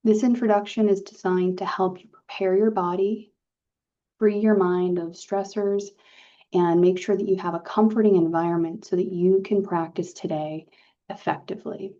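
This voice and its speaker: A woman leading a guided relaxation session, speaking calmly and gently with soft pauses. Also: mid-range voice. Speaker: meditation guide. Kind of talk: guided meditation talk. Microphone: video call. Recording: dull lo-fi video call audio.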